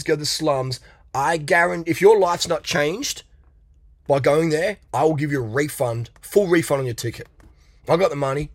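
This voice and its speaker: A man's voice: fairly high pitch, no echo, studio quality. A middle-aged man giving a blunt, profane motivational rant as a coach, mocking and laughing often. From Australia.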